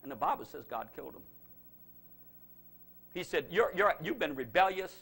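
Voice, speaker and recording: A man preaching a revival sermon as pastor, who swings from loud, fervent preaching to low, confiding talk. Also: very animated, normal speed, creaky, husky. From United States.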